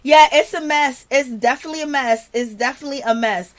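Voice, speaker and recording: Chatty gossiping woman, higher voice. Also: fast. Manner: chatty, gossipy, addresses viewers as girl. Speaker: commentary channel host. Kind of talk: casual recap chat reading viewer comments.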